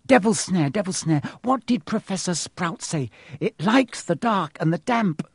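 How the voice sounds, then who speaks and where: A bossy, know-it-all schoolgirl voice, pitched high and shrill, as a man reads her. She snaps orders quickly. The recording is dry and close, with a husky edge. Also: lively intonation, no room sound, exaggerated voice. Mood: flustered.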